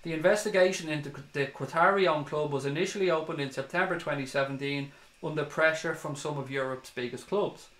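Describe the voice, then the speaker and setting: A man's voice: fairly high pitch, fairly quick, a bit bright. Irish male fan-channel host, ranting and profane, echoey room. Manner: heated, swearing, ranting. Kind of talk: livestream commentary reading comments.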